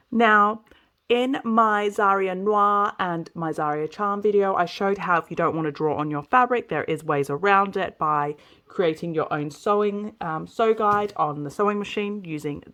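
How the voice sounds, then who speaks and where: A woman talking through a sewing tutorial step by step, chatty and relaxed, often checking in with viewers as she works. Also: fairly low pitch. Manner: chatty, explains as she works, frequent "okay" and "so". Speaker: sewing instructor. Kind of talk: casual step-by-step craft tutorial.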